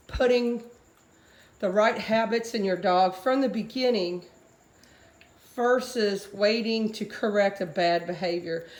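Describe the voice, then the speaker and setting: Chatty woman in an echoey room. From US Gulf Coast. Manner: chatty, switches to high baby talk for the puppies. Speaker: dog breeder. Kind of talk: casual vlog, talking to puppies. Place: home room with puppies.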